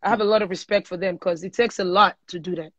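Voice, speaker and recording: A woman's voice: on the low side, fast, no room sound. A young adult woman with a Nigerian accent, a singer, chatting casually in an interview and telling stories with bits of pidgin. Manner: lively storyteller mixing in pidgin. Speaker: singer guest. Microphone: phone on a live stream. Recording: dull lo-fi livestream audio.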